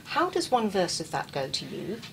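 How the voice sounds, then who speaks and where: A woman's voice: on the low side, huge pitch swings, normal speed, creaky, fairly bright tone, a little hiss or hum, low-quality recording. English woman host, chatty interviewer. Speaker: radio-style show host, interviewer. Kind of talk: interview chat.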